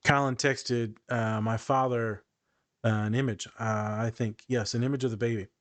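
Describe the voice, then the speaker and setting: A man's voice: medium pitch, steady tone, normal speed, a bit bright. A man in his thirties hosting a podcast, telling personal stories with feeling and acting out what people said. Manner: emotional, storytelling with acted-out quotes. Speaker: podcast host. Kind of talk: casual podcast chat.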